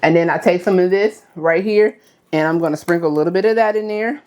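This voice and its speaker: A woman, her voice sitting fairly low. She talks through a cooking demonstration in a loose, chatty way. She keeps checking in with her viewers. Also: a little fast, darkish tone. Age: 30s. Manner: chatty, addresses viewers as y'all, frequent okay. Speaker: cooking vlogger.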